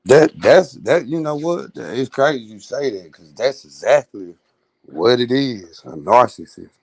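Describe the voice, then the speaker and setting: A man's voice: mid-range voice, animated, measured pace, dry recording. A man in casual chat on a live stream panel, talking bluntly and emphatically with lots of profanity.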